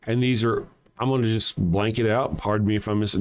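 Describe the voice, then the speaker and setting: A man's voice: on the low side, little pitch movement, brisk, a little hiss or hum. A man hosting a solo commentary show, talking in a sarcastic, profane, mocking way. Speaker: host.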